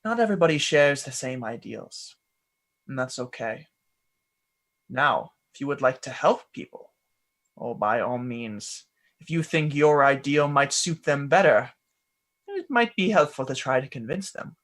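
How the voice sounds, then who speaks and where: A wise male fey mentor speaks softly and slowly, patient as he teaches, as a man puts the voice on. His words come unhurried and kind. The tone stays gentle and measured. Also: medium pitch, lively intonation. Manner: gentle, slow, patient lecturing.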